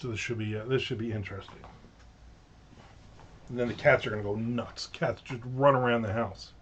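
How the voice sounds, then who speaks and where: A man's voice: mid-range voice, fairly even intonation, a little fast, a bit bright, a little hiss or hum. A middle-aged man hosting a casual livestream from home, rambling through stories with jokey asides. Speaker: livestream host. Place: at home with windows open. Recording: slightly dull lo-fi sound.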